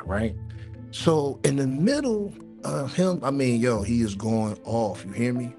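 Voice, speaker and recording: A man tells a story on a casual podcast. He talks in an animated way, repeats his words and swears freely. A clear music bed plays under his voice. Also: mid-range voice, a little slow. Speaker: podcast co-host.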